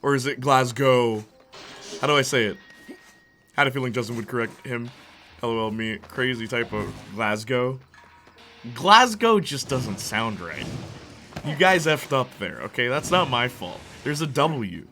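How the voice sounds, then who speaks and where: Let's-play host, young man, lively rambling chatter with game music underneath. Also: medium pitch, a little slow. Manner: rambling, joking, animated storytelling. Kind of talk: casual gameplay commentary.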